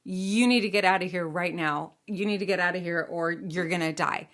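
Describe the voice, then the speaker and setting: A woman's voice: on the low side, moderate pace, fairly bright tone. A woman voicing a frightened young princess who urgently begs a knight to flee, in a told bedtime story. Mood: pleading. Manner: urgent, pleading.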